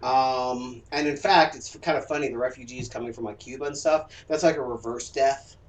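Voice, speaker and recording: A man's voice: mid-range voice, fairly even intonation, normal speed, slight background noise. Southern man, talky streamer who jokes, echoey room, far from the mic. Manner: chatty, lecturing, jokey. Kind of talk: casual chat. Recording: roomy echo from a distance.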